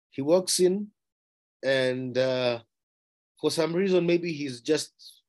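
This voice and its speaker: A man delivers a sermon with emphasis, posing rhetorical questions and repeating key phrases. His pitch and volume climb on the important words.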